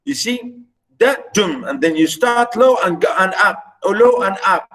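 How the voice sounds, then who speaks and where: A man's voice: high voice, moderate pace, fairly bright tone, rough recording. A man lecturing on poetry, repeating himself often with many fillers and restarts. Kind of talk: recorded lecture.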